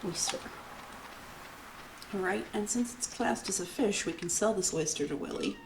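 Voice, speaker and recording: A woman's voice: mid-range voice, normal speed, vocal fry, noisy background. A woman hosting a let's play, chatting casually and explaining as she plays. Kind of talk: casual gameplay commentary. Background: game music.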